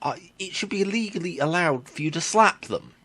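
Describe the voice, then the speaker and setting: In a tech vlog, a man rants bluntly and with exasperation, swearing casually. His high, bright voice has lively intonation and a forceful tone. He speaks haltingly, using fillers and correcting himself as he goes.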